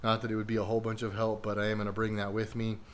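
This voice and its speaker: A man's voice: on the low side, completely flat delivery, very fast. A man hosting his own car vlog, talking casually and rambling a little with many fillers, walking through prep in his garage. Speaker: car vlogger. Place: home garage.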